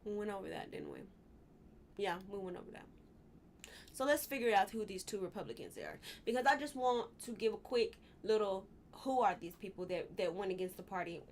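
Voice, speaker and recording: A woman's voice: medium pitch, sing-song, brisk, slight background noise. A woman hosting a live stream, giving blunt, emotional political commentary and swearing when she gets worked up.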